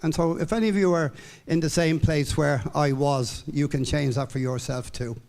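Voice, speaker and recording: A man's voice: a little high, fairly even intonation, moderate pace, creaky, darkish tone, slight background noise. Upbeat Irish man in his seventies. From Ireland. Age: 70s. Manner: rambling, upbeat, with frequent fillers and restarts. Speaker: company distributor giving a speech. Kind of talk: speech to a live audience. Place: hall with an audience.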